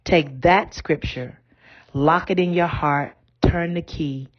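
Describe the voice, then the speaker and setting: A woman's voice: low-pitched, steady tone, slow pace, muffled recording. A woman bishop giving a podcast sermon in a conversational, down-to-earth way.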